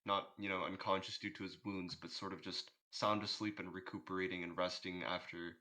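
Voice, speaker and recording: A man narrating a holiday tabletop game as game master, describing the scenes in a relaxed way. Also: deep voice, a little fast.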